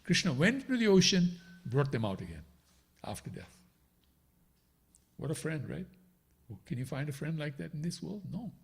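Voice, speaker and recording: Husky man teaching scripture, lively pitch. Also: moderate pace, pauses often. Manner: explains each line, asks listeners "right?" often. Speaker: spiritual teacher. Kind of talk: devotional scripture class.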